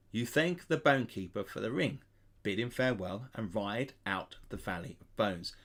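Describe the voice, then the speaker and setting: A man's voice: lowish voice, moderate pace, fairly bright tone. A man hosting a channel, reading a gamebook aloud with casual asides to his viewers. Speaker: gamebook player and channel host.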